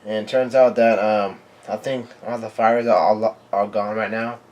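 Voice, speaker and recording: A man hosting his own channel, reading a comic chapter aloud live and reacting as he goes, with halting delivery full of fillers and restarts. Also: fairly low pitch, flat delivery, darkish tone.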